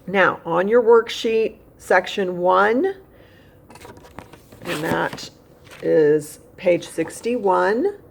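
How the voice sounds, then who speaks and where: A woman's voice: fairly low pitch, lively intonation, drawn-out words, vocal fry, long pauses, slight background noise. A woman teaching a recorded phonics lesson, speaking straight to a young pupil at home and patiently repeating key points. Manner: speaks directly to a child at home.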